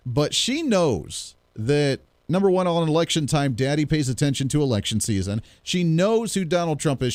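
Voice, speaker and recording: A man hosting his own show, telling stories in a casual, animated way and acting out the voices of others. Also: fairly high pitch, dry recording. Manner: animated storyteller, acts out quoted voices. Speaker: podcast host. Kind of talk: casual monologue.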